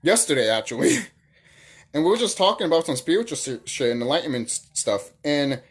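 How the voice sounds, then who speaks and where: Brief: channel host, heated profane rant, pitch swings widely, husky edge. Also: lively intonation, brisk. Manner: profane, heated, full of rhetorical questions; repeats phrases for emphasis. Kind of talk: casual ranting monologue.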